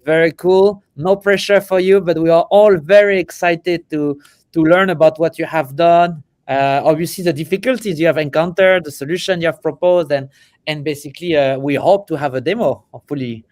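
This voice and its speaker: A chatty man with a French accent and a slightly high voice co-hosts a relaxed livestream. He talks freely, restarting and correcting himself as he goes. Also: brisk. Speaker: co-host. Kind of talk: casual livestream chat.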